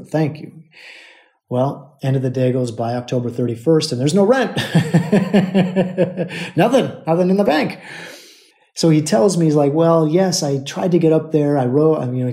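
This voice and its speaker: A male podcast host tells a personal story in a loose, conversational monologue. His voice is mellow and dark, at an ordinary pitch for a man. He circles back with repeated phrases and speaks to his listeners as brothers.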